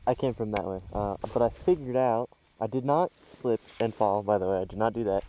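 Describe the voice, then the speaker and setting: A travel vlogger narrates casually into a handheld camera mic while outdoors on a trail and a scenic overlook, rambling and hesitating with plenty of fillers. His voice is fairly low and warm, a little fast, and the rough recording carries slight background noise.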